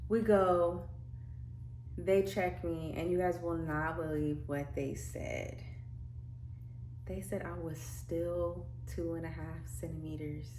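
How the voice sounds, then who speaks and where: Chatty young mom vlogger, low voice, echoey room, lots of "like" fillers. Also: female voice, steady tone, takes it slowly, warm tone, slight background noise. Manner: chatty, many "like" fillers, acts out quotes. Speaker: vlogger telling her birth story. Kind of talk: casual storytelling. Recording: echoey room with faint ambience.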